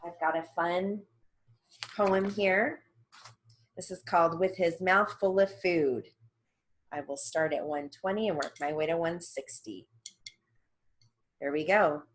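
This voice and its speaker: Woman, lowish voice, slow and deliberate steno dictation reader, crisp enunciation. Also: steady tone. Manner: measured, deliberate, clearly enunciated reading. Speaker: dictation reader for court reporters. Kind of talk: steno dictation practice reading.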